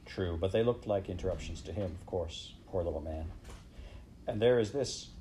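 A man voicing a gentle but authoritative male figure who sounds hopeful and sad, in an audiobook. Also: low voice, normal speed, slight background noise, natural voice, low-quality recording. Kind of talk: audiobook character reading.

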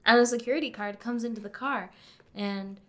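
A woman's voice: on the high side, fairly quick. A woman chatting casually with a friend, recapping a TV episode. She is enthusiastic and fills in details as she talks. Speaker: podcast co-host recapping a TV episode. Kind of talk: casual chat.

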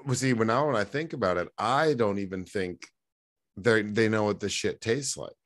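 A man's voice: lowish voice, normal speed, fairly bright tone. A man co-hosting a podcast, chatting in a laid-back way, swearing and laughing along. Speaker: podcast co-host. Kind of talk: casual chat.

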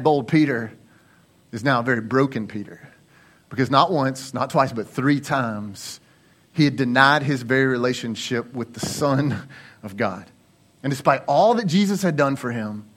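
A man's voice: mid-range voice, a bit bright. A male lead pastor preaching a sermon in an earnest, conversational way, repeating phrases for emphasis.

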